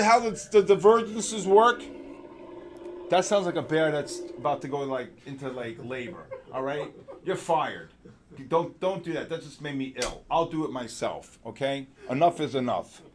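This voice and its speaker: Man hosting a live trading stream, excitable, loud bursts, exasperated banter, fairly high voice. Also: moderate pace, slight background noise. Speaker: trading show host.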